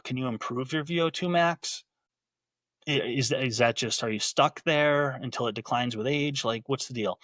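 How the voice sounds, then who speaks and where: A man's voice: mid-range voice, fairly bright tone, dry recording. Conversational male gym coach, dry sound. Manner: conversational, repeats words while restarting sentences. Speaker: podcast host and gym coach. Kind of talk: casual explanatory talk.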